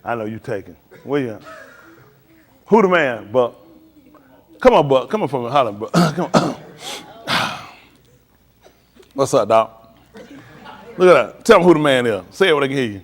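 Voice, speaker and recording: A man's voice: medium pitch, big pitch swings, moderate pace, long pauses, big-room sound. A middle-aged man, a preacher, giving casual advice on a live stream, telling stories in vernacular and laughing as he goes.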